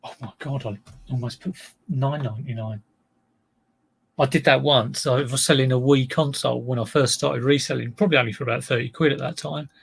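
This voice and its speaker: A man's voice: mid-range voice, steady tone, brisk, gravelly, husky. A middle-aged man chatting casually on a livestream as a reseller, rambling and self-deprecating.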